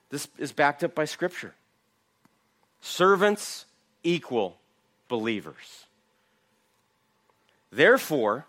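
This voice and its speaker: A man's voice: fairly high pitch, very animated, slow, long pauses, a bit bright. A man giving an emphatic verse-by-verse Bible teaching, asking his listeners questions. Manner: emphatic, asks the audience rhetorical questions.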